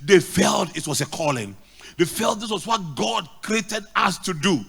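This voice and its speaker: High-pitched emphatic Ghanaian preacher, a man. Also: lively intonation, measured pace, creaky, fairly bright tone, slightly rough, soft background music. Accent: Ghanaian English. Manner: emphatic preaching with repeated lines. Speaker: pastor. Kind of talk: sermon.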